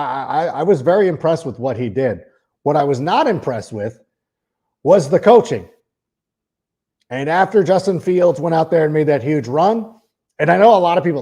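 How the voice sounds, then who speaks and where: This podcast host's voice is a little high with a dark tone. In a long, casual sports monologue he frequently repeats words at the start of sentences and breaks in the middle to read a sponsor ad.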